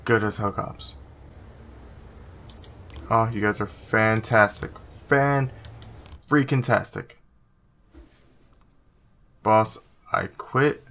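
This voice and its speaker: A man with a bright, sharp voice talks through a video game session in a casual, profane way. He reads the on-screen text aloud and drops sarcastic asides between the lines. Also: lowish voice, fairly even intonation, takes it slowly, vocal fry, long pauses. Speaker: gaming YouTuber. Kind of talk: casual gaming commentary.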